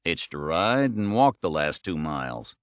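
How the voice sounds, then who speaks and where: A man's voice: low-pitched, very animated, unhurried, clear, resonant tone, no room sound. A man voicing a laconic ex-military police drifter in an audiobook, terse and dry. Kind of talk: audiobook character voice.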